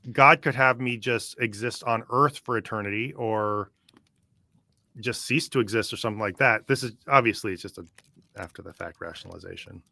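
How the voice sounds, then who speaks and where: A man with a bright, forceful voice hosts a casual podcast, skeptical and dry as he thinks aloud. The sound is close and dry with no room around it. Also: fairly low pitch, fairly quick, vocal fry, dry recording. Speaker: podcast host. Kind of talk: casual podcast commentary, reading from a book.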